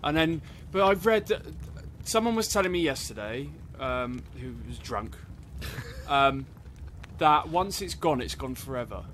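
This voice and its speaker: A man's voice: on the high side, expressive, unhurried, fairly bright tone, slight background noise. A man co-hosting a podcast, chatting casually and telling stories in a playful way. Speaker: podcast co-host. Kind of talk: casual chat.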